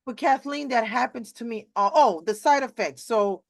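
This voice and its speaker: A woman's voice: on the high side, normal speed, vocal fry, no room sound. Chatty middle-aged woman on a dry video call. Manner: chatty, rambling, with many restarts and acted-out quotes. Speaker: host. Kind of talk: casual chat on a live video interview.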